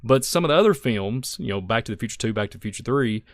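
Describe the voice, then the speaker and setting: A man co-hosting a podcast, talking through a film slide by slide in a rambling, excitable way with many restarts. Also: mid-range voice, fast, no echo, clean studio sound. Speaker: podcast co-host. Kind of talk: casual film-analysis chat.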